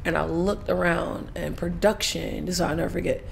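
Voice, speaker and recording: A woman guest on a casual talk show, telling lively stories, swearing freely, laughing often and acting out other people's lines. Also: fairly low pitch, a little fast, creaky, a little hiss or hum. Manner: laughs often while talking. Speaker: podcast guest. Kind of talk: casual storytelling interview.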